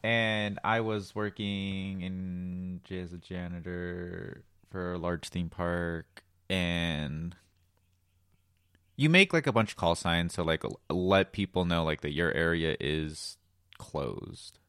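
A man's voice: low voice, slow, fairly bright tone, smooth, dry recording, clean studio sound. A man with a Texan accent, co-hosting a podcast and telling a rambling work story with lots of laughs. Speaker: podcast co-host. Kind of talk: casual chat.

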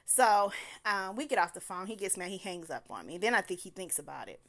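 A woman with a medium-pitched voice tells a personal story fairly quickly, in a casual, animated way. She laughs often and slips into voices when quoting others.

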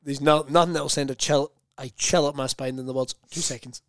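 A man's voice: on the high side, a little fast, dry recording, studio quality. A middle-aged Scottish man co-hosting a casual chat, telling stories with lots of swearing and acted-out quoted voices. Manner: animated storytelling, swearing, acting out quoted voices. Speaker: podcast co-host.

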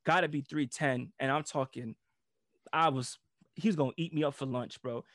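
A man in his thirties, a former police officer, telling a story in casual chat, animated and profane and laughing often. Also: medium pitch, moderate pace, no echo, studio quality.

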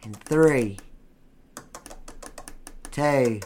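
A young man co-hosting a podcast, talking loud and crude, cracking jokes and cursing freely. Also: mid-range voice, drawn-out words, slight background noise. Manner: rowdy, profane, joking. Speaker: podcast co-host. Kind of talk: crude casual chat.

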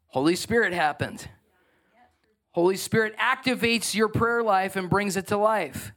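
High-voiced man preaching a sermon. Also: measured pace. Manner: energetic preaching, rising in pitch when stressing points. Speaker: pastor.

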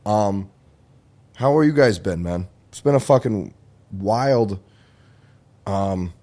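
A man's voice: lowish voice, expressive, slow, mellow. A young man hosting his own podcast, rambling in casual solo chat, easily distracted and swearing freely. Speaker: podcast host.

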